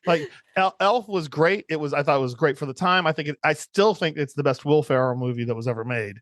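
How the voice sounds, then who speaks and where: A man's voice: fairly high pitch, brisk, a bit bright, no echo, clean studio sound. A man in his forties co-hosting a podcast, chatting casually and enthusiastically, rambling with restarts. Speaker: podcast co-host. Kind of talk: casual chat.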